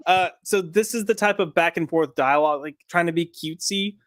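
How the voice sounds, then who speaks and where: A man's voice: a little high, a little fast, dry recording, clean studio sound. A man co-hosting a casual comic review chat, sarcastic and mocking as he talks.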